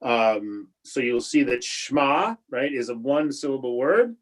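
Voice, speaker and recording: A man leads an online Hebrew prayer class as its rabbi, heard through a video call. His voice sits at an ordinary middle pitch. He talks in a halting, patient way, stopping and restarting often as he encourages his students. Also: expressive, rough recording. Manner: halting, with many restarts and fillers. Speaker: rabbi teaching a bar and bat mitzvah class.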